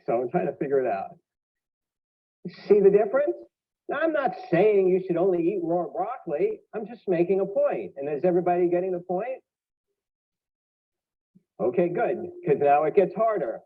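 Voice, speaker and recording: A man lectures a live audience, playful and quick to quiz them. His high voice swings widely in pitch and has a husky edge. The sound is thin and tinny, like a phone line. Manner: animated, joking, asks audience questions. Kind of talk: live health lecture with props. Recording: tinny phone-like archive audio.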